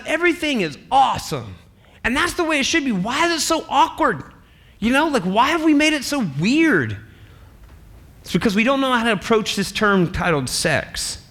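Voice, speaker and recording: Animated, playful man preaching a sermon. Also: sits high. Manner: animated, playful, laughs often. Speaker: pastor.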